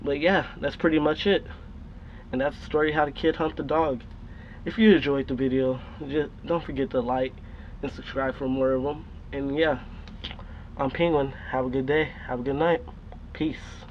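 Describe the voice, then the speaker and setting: A man's voice: medium pitch, fairly even intonation, moderate pace. A young man casually telling a rambling, profane story on his vlog. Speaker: storytime vlogger. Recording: dull lo-fi recording with faint noise.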